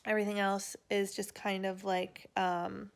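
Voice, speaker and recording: A woman's voice: mid-range voice, flat delivery, a little slow, gravelly, clean tone. A young woman chatting casually at home in her family vlog, rambling with fillers and little laughs. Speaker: vlogger mom.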